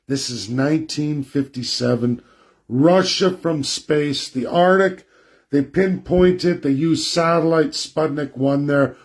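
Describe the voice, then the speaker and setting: Slow blunt man presenting. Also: on the high side. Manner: blunt, combative, repetitive emphasis. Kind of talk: slide presentation talk.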